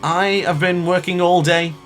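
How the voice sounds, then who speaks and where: A man's voice: high voice, steady tone, a little slow, a bit bright, faint music behind. A man in his late twenties commentating his own racing game live, ranting in frustration between exasperated laughs. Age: 20s. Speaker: gaming YouTuber.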